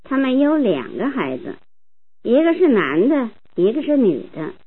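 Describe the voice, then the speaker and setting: Lively, breathy woman reading drills. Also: on the high side, normal speed. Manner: clear, careful reading. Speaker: language tape speaker. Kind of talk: model sentences for learners. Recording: tinny narrow-band tape recording.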